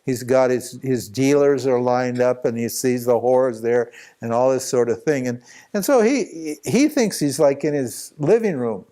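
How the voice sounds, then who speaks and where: At a spiritual retreat, a man teaches through a long, rambling anecdote, animated and full of restarts and laughs. His voice is medium-pitched and his delivery unhurried.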